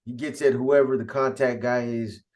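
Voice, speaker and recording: A man's voice: mid-range voice, fairly even intonation, moderate pace, a little mellow. A man hosting and telling a story casually, with slang, talking straight to his audience. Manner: conversational, slangy, addresses the audience directly. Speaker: host.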